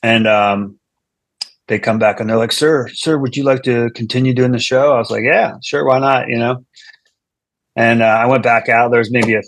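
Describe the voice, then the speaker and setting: A man's voice: mid-range voice, fairly even intonation, moderate pace, fairly bright tone, no room sound. A man, a comedian guest, telling a long story in casual chat, rambling with restarts and asides.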